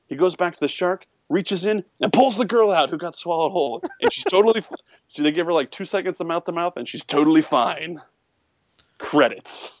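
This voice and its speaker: A young man co-hosting a casual podcast, retelling a movie plot with lively, acted-out quotes. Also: sits high, quick pace, no echo. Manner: animated storytelling, acts out quotes in a raised voice. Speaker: podcast co-host.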